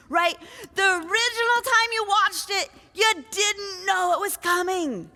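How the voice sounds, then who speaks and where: A woman's voice: very high voice, unhurried, few pauses, sharp tone, in a large hall. A woman preacher retelling a scripture story in a conversational sermon, full of rhetorical questions. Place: church.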